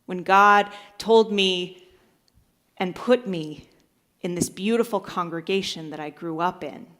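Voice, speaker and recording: A woman pastor from the United States, with a fairly low, unhurried and slightly bright voice, gives a sermon. She tells a joke with acted-out voices in storytelling style and then moves into preaching.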